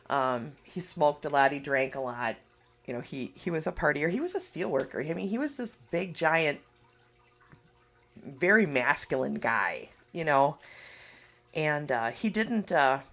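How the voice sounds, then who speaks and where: A woman with a low voice talks through an oracle card reading in a casual vlog. She is tearful and emotional, and her speech is soft and halting, full of pauses.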